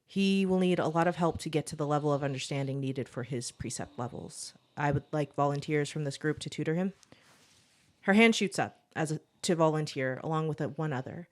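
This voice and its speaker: A woman co-hosting a podcast, reading her own original story aloud in a steady storytelling voice, then chatting and laughing with her co-host. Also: low-pitched, a little fast. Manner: steady storytelling read, laughs often in chat.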